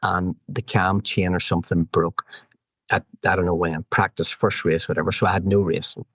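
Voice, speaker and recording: A middle-aged man with a Northern Irish accent, a podcast guest telling animated anecdotes full of quoted back-and-forth dialogue. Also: deep voice, normal speed, breathy edge, dry recording. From Northern Ireland. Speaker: guest, former road racer. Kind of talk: storytelling in a podcast interview.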